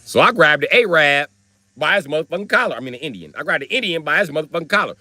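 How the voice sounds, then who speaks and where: Loud, animated man with a Wisconsin accent. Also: fairly high pitch, fast talker, no room sound. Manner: profane, swings into loud acted quotes. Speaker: livestreamer. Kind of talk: animated storytelling.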